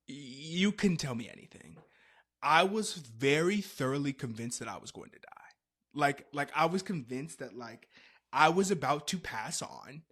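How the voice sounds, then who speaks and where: A man hosting a podcast, telling a comedic story in a dramatic, animated way with frequent laughter. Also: fairly high pitch, breathy edge. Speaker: podcast host.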